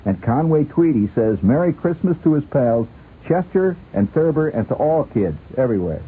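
A man's voice: medium pitch, sing-song, normal speed, warm tone, breathy edge. A male radio host in a rambling, playful comic talk, laughing often, on a tinny lo-fi radio recording. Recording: tinny lo-fi radio with faint hiss.

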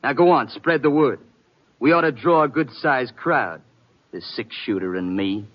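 An actor playing a cocky, menacing gunslinger with a drawl in a 1950s radio drama. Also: male voice, mid-range voice, expressive, unhurried, background noise, lightly acted. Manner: swaggering, cool. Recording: muffled old radio broadcast.

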